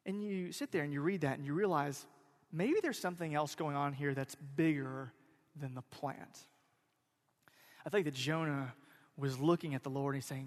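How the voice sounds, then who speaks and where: A man preaching a sermon as pastor, animated, swinging from loud emphasis to quiet intensity. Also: fairly high pitch, moderate pace. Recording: long hall reverb.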